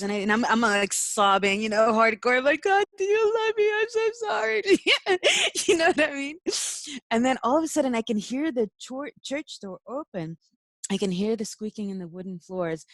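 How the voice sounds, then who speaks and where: A woman's voice: medium pitch, no room sound. A young woman, a spiritual teacher, telling a personal story in casual talk, emotional, laughing often and using many fillers.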